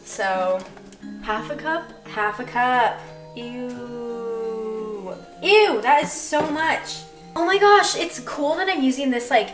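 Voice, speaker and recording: A woman's voice: on the high side, a bit bright. A young woman chatting casually and self-deprecatingly while she bakes in her kitchen, rambling as she goes. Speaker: vlogger. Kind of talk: casual baking vlog chat. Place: home kitchen. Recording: roomy kitchen, mic at a distance.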